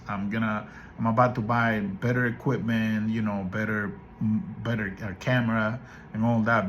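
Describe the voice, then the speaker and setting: A man's voice: mid-range voice, a bit bright, a little hiss or hum. A man hosting a casual talk show, giving opinionated, incredulous commentary that rambles with restarts. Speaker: podcast host.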